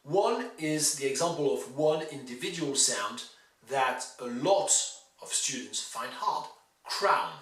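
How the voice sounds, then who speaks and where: A man teaching English pronunciation, slowly contrasting wrong and right sounds and reading out historical excerpts. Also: medium pitch, animated, echoey room, distant mic, rough recording. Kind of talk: pronunciation lesson with read excerpts.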